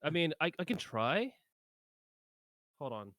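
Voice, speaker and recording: A man hosts a casual podcast, telling his week in an easygoing, rambling way. His voice sits a little high. The sound is dry and close. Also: big pitch swings, unhurried, fairly bright tone, no room sound. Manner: rambling, easygoing, lots of fillers. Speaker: podcast host. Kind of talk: casual chat.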